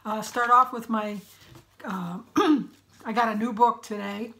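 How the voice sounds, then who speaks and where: A middle-aged woman from Michigan chatting in a casual vlog, her voice raspy and congested, clearing her throat often and apologizing as she rambles. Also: a little high, fairly even intonation, measured pace, sharp tone. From Michigan, USA. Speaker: vlogger. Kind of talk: casual weight-loss update vlog.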